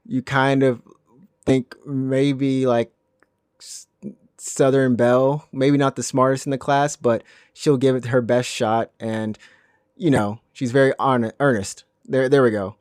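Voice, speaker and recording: A man's voice: mid-range voice, flat delivery, a little slow, a little mellow, clean tone, dry recording, studio quality. A man from Alabama without a Southern accent, co-hosting a gaming podcast in casual, rambling chat with many restarts. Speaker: podcast co-host.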